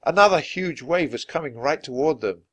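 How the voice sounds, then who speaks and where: A man reading a children's adventure book aloud, expressive and dramatic. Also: fairly high pitch, moderate pace. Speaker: storyteller.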